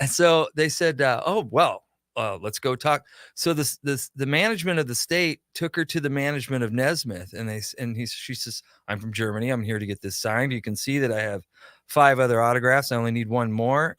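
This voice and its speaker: A man's voice: medium pitch, fairly quick, no room sound, studio quality. Storytelling man on talk radio. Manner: animated anecdote teller, acts out quotes. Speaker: guest, pop culture shop owner. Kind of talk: casual radio conversation, storytelling.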